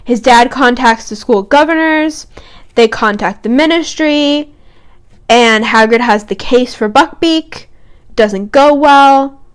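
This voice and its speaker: A young woman co-hosting a podcast, retelling book scenes in a casual, animated way. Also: high voice, slow, clear, resonant tone. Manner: reads book quotes aloud, animated retelling. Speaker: podcast co-host. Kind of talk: casual fan discussion.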